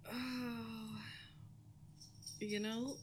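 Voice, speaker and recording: A woman co-hosting a casual rewatch podcast, relaxed and hesitant with fillers. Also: a little high, extremely slow, a little hiss or hum. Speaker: podcast co-host.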